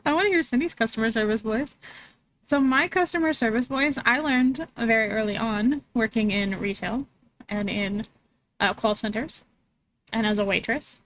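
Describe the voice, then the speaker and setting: Chatty high-voiced woman streamer. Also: unhurried, long pauses, a bit bright, slight background noise. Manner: chatty, laughs often, reads chat aloud. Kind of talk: casual chat with viewers.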